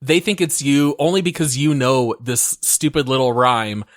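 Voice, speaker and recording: A man co-hosting a podcast in casual chat, relaxed and amused, prompting his co-host to tell the story. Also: medium pitch, normal speed, no echo, clean studio sound.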